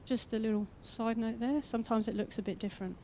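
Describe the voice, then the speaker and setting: A young adult woman preaching a sermon in an energetic, conversational way, with quick asides, and she acts out the voices she quotes. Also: fairly high pitch, slight background noise. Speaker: guest preacher.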